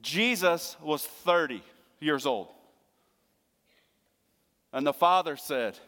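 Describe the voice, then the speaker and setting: Middle-aged man, pastor's sermon, earnest, hushed to emphatic, fairly high voice, long church reverb. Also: animated, slow pace, long pauses. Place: church sanctuary.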